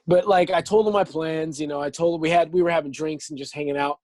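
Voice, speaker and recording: A man's voice: on the high side, fast talker, no echo. A young man, an actor, telling long stories in a casual interview, acting out what people said and laughing often. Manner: animated, acts out quotes, laughs often.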